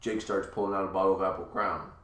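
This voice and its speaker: A man's voice: deep voice, flat delivery, fast talker, fairly bright tone. A male podcast host in casual chat, telling a story in a crude, teasing, joking way. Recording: echoey room.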